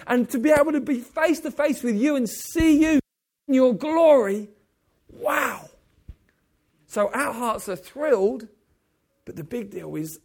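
A man delivers a sermon in a high, bright-pitched voice. He swings between loud, exclaiming passages and hushed, low, close asides. Now and then he throws direct questions out to the congregation. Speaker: preacher.

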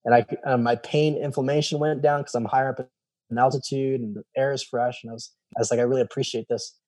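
A man tells a personal story in a relaxed, dark-toned voice at a mid pitch. He slips into quoted dialogue, often acting out the other speakers, and fills the gaps with "like" and "I was like.". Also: fast talker. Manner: animated, acts out quoted dialogue; many fillers and repeated "I was like". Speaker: guest telling his story. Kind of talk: casual storytelling.

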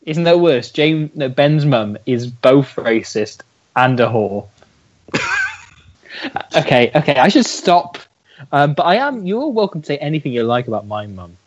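A man's voice: mid-range voice, very animated, a little slow, dull audio. A man co-hosting a podcast, joking and sarcastic in casual banter. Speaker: podcast co-host.

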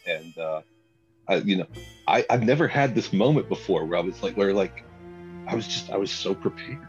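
A young man telling a comic story in a casual chat, animated and laughing often as he acts out what people said. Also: low-pitched, normal speed, highs cut off, faint music behind.

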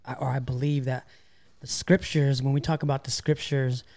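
Mellow-voiced man reflecting on faith. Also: medium pitch, flat delivery, moderate pace. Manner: reflective, affirming, casual fillers like "man" and "you know". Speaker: podcast co-host. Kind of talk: casual faith discussion.

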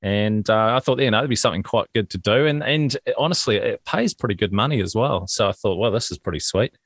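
Jokey New Zealand dad, lively voice. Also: male voice, on the low side, quick pace, no echo, studio quality. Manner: jokey, laughs often. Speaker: podcast co-host. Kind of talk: casual chat.

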